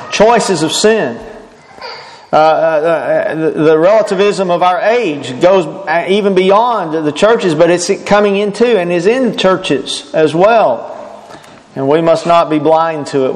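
A man's voice: a little high, in a large hall, rough recording. A man preaching a sermon, earnest and emphatic, often restarting his phrases.

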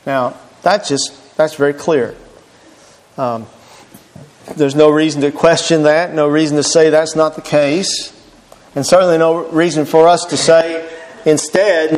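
A man preaching a sermon, reading scripture aloud and expounding it slowly and deliberately. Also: on the high side, level tone. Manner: slow, deliberate preaching, reads verses aloud and expounds them. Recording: long hall reverb.

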